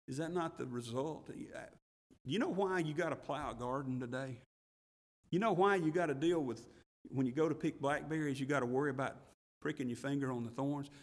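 A man preaching a sermon as pastor, swinging between loud emphatic passages and hushed, slow ones, and reading scripture in King James wording. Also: mid-range voice, big-room sound. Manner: reads scripture aloud in King James wording with rising intensity.

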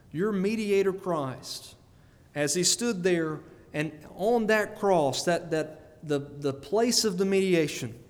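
Male preacher with a higher voice, earnest and questioning, long reverb tail. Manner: earnest, repeats words, asks the listeners questions. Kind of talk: sermon.

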